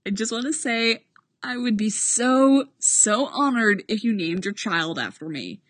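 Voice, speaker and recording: A woman's voice: on the high side, animated, unhurried, fairly bright tone, no echo, voice pushed up. A woman doing a gushing, overeager male friend. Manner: effusive, breathless sincerity. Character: gushing emotional man, loyal overeager friend.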